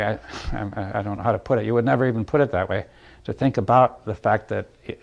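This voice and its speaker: A man giving a reflective talk to a group, thinking aloud in halting phrases, checking in with "right?" and chuckling lightly between points. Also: lowish voice, fairly even intonation, gravelly, a little mellow. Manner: thoughtful, halting, often asks "right?". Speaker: speaker leading a group dialogue.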